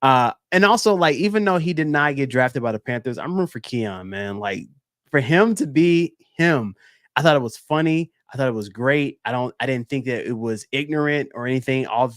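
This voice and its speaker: A man hosting a casual sports podcast, telling stories with animated energy and slipping into quick impressions of the people he describes. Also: medium pitch, dry recording, studio quality. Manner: animated storyteller who jumps into quoted voices. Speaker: podcast host.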